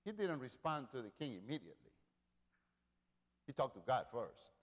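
A man preaching a sermon, repeating lines, swelling loud and falling quiet. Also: mid-range voice, sing-song, moderate pace. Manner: rousing preaching with repetition, rising and dropping in volume. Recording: long reverb of a large hall.

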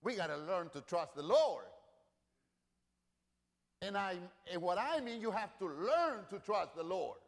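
A man preaching a sermon, repeating lines, swelling loud and falling quiet. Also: high voice, very animated, measured pace, gravelly, pauses often. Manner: rousing preaching with repetition, rising and dropping in volume. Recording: long reverb of a large hall.

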